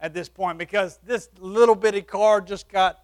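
A man preaching, telling a personal testimony with animated shifts between loud and soft. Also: sits high, moderate pace. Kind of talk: sermon testimony story.

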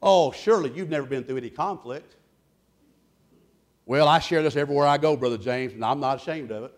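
A man preaching a sermon, loud and boisterous, telling folksy stories between points. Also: mid-range voice, brisk. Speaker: pastor.

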